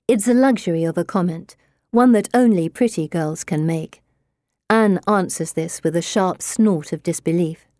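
A woman with a lowish voice narrates an audiobook in a measured, even storytelling style. The recording is dry and studio quality.

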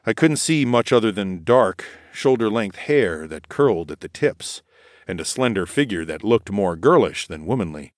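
A man reading a first-person story as an audiobook narrator, in a measured storytelling manner. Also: on the low side, expressive, no room sound, studio quality.

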